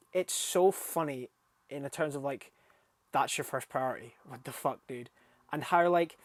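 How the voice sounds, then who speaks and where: A young man rambling casually about a film in a review vlog, swearing freely and getting animated and laughing when something amuses him. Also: on the high side, no echo.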